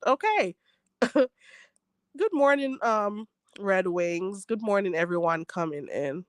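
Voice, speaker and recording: This Jamaican livestream host speaks in a mid-range voice, animated yet unhurried. In a dry recording, she chats casually, reads comments from viewers, laughs a lot and repeats phrases to drive points home.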